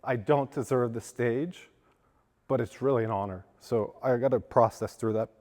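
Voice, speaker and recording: A man from western Pennsylvania speaks earnestly at a lunch event, telling his recovery story with halting restarts. His voice cracks with feeling. The sound carries a long reverb from the hall, and his pitch sits in a mid range. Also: darkish tone. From western Pennsylvania, USA. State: voice cracking with emotion. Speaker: guest speaker. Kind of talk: personal recovery testimony speech.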